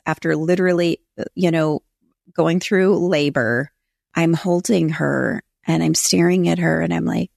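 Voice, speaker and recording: A woman's voice: low-pitched, vocal fry, darkish tone, no echo, clean studio sound. A middle-aged woman hosting a faith-based podcast, telling her own story in an earnest, confessional and emphatic way. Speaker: podcast host. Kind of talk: personal testimony talk.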